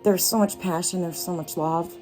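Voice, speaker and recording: A woman giving a casual tarot card reading, talking straight to the listener in an unhurried, reassuring way. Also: on the low side, fairly even intonation, warm tone, faint music behind. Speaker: tarot reader.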